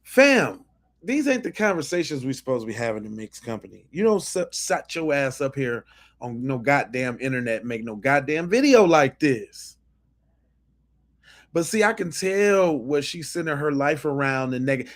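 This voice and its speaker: A man's voice: medium pitch, moderate pace. A man hosting a podcast, reacting to clips with emphatic, profane commentary. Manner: animated, emphatic, swears freely. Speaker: podcast host.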